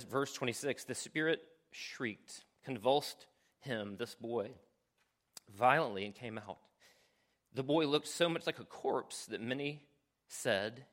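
A man preaching a sermon as a pastor, earnest and conversational, often checking in with the congregation and sometimes dropping to a hushed near-whisper for emphasis. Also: medium pitch. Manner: earnest, conversational preaching with frequent "right?" asides.

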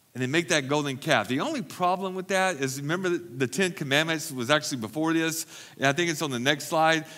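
A man's voice: fairly high pitch, a bit bright. A man preaching a sermon as pastor at a church recovery meeting, emphatic and repeating phrases for stress.

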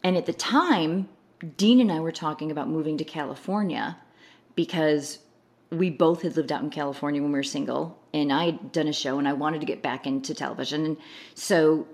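This guest has a deep voice and talks a little fast as she shares a personal story in a casual conversation. Her retelling is animated: she imitates the people she quotes and laughs her way through their words.

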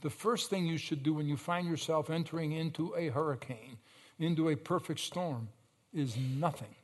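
A man preaching a sermon in a somewhat high voice. He tells stories in a lively way, breaking into sudden loud surges and drawing out slow, emphatic lines. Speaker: pastor.

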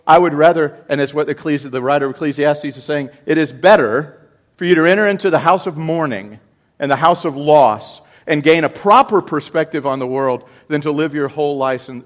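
A man preaching a sermon, dropping low and quiet for scripture and rising loud and emphatic for his points. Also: brisk. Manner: preaching with big swings from quiet reading to loud emphatic outbursts. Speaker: pastor.

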